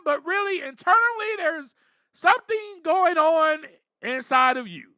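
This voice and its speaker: A man's voice: extremely high pitch, normal speed, pushed and bright, no echo, studio quality. A man hosting a podcast, giving earnest, reflective spiritual recovery talk, with frequent "you know" and bursts of emphasis. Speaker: podcast host.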